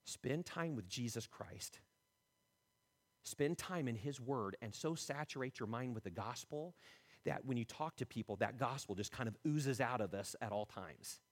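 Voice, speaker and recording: A male pastor preaching with a lively, swooping delivery, his voice lifting and dropping as he acts out quotes. He chuckles now and then between points. The sound carries a long reverb, as in a large church hall. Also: moderate pace. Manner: animated, acts out quotes with shifting pitch and loudness. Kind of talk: sermon.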